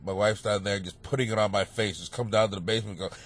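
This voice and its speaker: A man hosting a comedy advice podcast, stuffed up and sniffling, rambling crudely and mocking himself with sudden loud outbursts, recorded in a home basement. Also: lowish voice, fast, hardly any pauses, a little hiss or hum. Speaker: podcast host giving advice.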